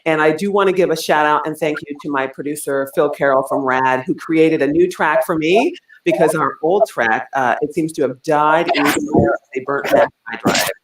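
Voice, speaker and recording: A woman's voice: low-pitched, normal speed, few pauses. Woman, singer, upbeat and heartfelt, far from the mic, roomy echo, music behind. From New York. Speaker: singer and guest. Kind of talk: casual video-call chat.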